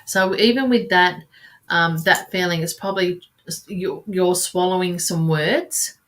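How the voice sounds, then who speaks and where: Female card reader, live stream; halting delivery, frequent sighs, endearments. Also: lowish voice, fairly bright tone. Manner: calls listeners sweetheart and darling.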